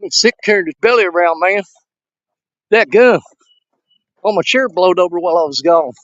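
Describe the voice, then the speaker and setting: A man with a high voice talks to his viewers in an easy, folksy way while he works outdoors by the river. He sounds a bit out of breath from hauling gear. The camera mic is dull and lo-fi, and his voice sounds close and dry. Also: moderate pace, a bit bright, no room sound. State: out of breath from walking. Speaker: fishing vlogger. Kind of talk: casual outdoor vlog.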